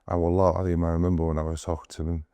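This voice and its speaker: A man's voice: low-pitched, level tone, very fast, dark tone, clean tone, no room sound. A young man, a doctor, earnestly telling stories of his mission in an interview, often retelling scenes with quoted dialogue. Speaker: doctor guest on a humanitarian mission.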